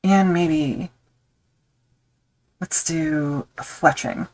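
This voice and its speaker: A woman with a low voice talks loosely as she works on a leather project during a live stream. She thinks aloud, wanders off on tangents and makes light fun of herself. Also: steady tone, drawn-out words, a little mellow, rough recording. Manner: rambling, self-deprecating, thinks aloud with fillers. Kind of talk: casual chat while crafting on a live stream.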